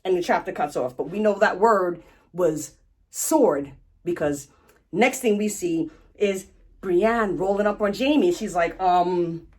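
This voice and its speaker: A woman hosting a casual, animated story recap in slangy speech, acting out the quotes as she goes. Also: fairly low pitch, unhurried. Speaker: host.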